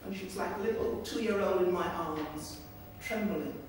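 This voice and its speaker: A woman's voice: on the low side, normal speed. A woman giving a storytelling speech as a campaign speaker, acting out the voices of the people in her stories. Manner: lively storyteller who acts out voices. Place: large meeting room in Parliament. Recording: echoey hall from far off, faint hiss.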